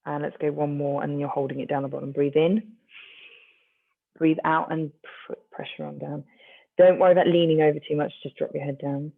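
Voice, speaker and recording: A stretching instructor, guiding a class gently and encouragingly, with light self-mocking asides. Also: mid-range voice, little pitch movement, fairly quick, gravelly. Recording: tinny phone-like sound.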